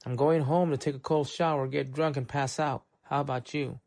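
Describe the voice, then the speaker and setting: A man voicing a world-weary 1950s private eye, talking gruffly and wryly. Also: medium pitch, steady tone, moderate pace, darkish tone, lightly acted.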